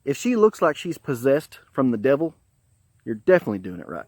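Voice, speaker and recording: A man's voice: mid-range voice, big pitch swings, rapid-fire, a little mellow, dry recording. A man with a Southern US accent telling a bawdy comic story in a folksy way, laughing at his own jokes.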